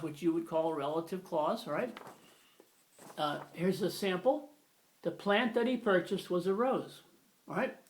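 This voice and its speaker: Patient man teaching grammar. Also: high-pitched. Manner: patient, emphatic, repeats key phrases. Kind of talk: explanatory video lesson.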